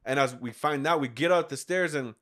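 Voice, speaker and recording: A man in his thirties telling a story in casual podcast talk, animated and full of swearing. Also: mid-range voice, a little fast. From United States. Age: 30s. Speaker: podcast guest.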